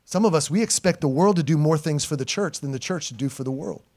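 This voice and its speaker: Brief: middle-aged male pastor, high voice, animated sermon with call-and-response, dynamic swings from loud to quiet. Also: fast. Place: church sanctuary before a congregation.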